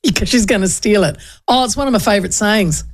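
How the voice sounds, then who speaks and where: A woman with a New Zealand accent, a radio host telling a chatty, animated story and putting on voices for the people in it. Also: mid-range voice, quick pace. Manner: animated, chatty, acts out voices in her stories. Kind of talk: casual storytelling chat.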